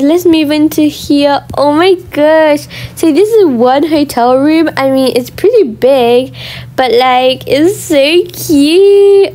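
A woman hosting her own channel, giving excited, gushing commentary while exploring a game, often gasping and squealing. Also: high-pitched.

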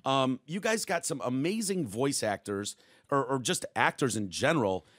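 A man hosting a podcast, recorded dry and close with no room echo. He asks questions in a loose, laid-back way and agrees often. His voice sits in a middle pitch. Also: animated, moderate pace, a bit bright. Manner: casual, laid-back, with frequent agreeing "yeah"s. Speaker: podcast host. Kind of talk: casual conversational interview.

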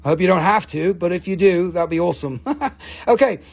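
A man hosting a live mineral sale, joking, swearing, and pitching his stones with enthusiasm. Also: lively intonation, fairly quick, husky. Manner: joking, profane, enthusiastic salesman. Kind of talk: livestream sales chat.

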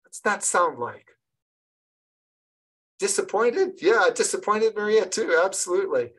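A woman leading an online training session for early childhood educators, lively and encouraging, often restarting her sentences. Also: medium pitch, measured pace, slightly rough, rough recording. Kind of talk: online professional development session.

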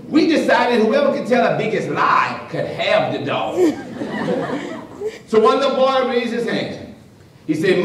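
A priest telling funny stories in a sermon, animated and jokey, acting out the voices of the people in them. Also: male voice, very high voice, moderate pace. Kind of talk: comic storytelling sermon. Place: large church hall before an audience. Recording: far-off echoey hall with crowd laughter.

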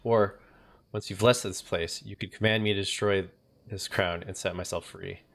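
A man voicing a bitter, ancient male elven ghost king, in a low voice with brooding lines. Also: fairly even intonation, moderate pace, creaky, fairly bright tone, full character voice.

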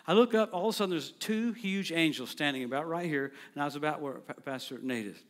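A middle-aged man telling a lively, playful story during a sermon in a church. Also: fairly high pitch. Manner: animated, playful anecdotal delivery with quick asides. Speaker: guest preacher. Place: church sanctuary.

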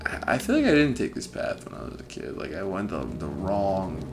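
A young man giving let's-play commentary on his own playthrough, swearing and swinging from frustrated muttering to excited yelling. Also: low-pitched, moderate pace, over music. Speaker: gaming video host.

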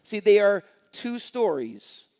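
A man's voice: high voice, sing-song, slow, darkish tone. A male pastor preaching a sermon to his congregation, telling stories and driving home his points. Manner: storytelling with a joke, acting out characters in quotes. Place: church sanctuary.

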